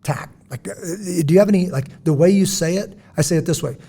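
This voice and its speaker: A man hosting a podcast, talking in a blunt, emphatic, preachy way with a husky voice. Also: fairly high pitch, brisk, warm tone. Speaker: podcast host. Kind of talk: casual podcast discussion.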